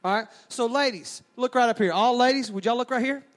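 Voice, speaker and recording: A man's voice: extremely high pitch, a little fast. A man preaching a sermon, folksy and joking as he calls out to the crowd.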